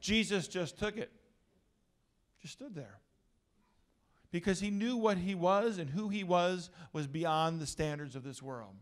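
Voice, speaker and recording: Man, pastor, youth gathering talk, joking with crowd, high voice. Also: unhurried, long pauses.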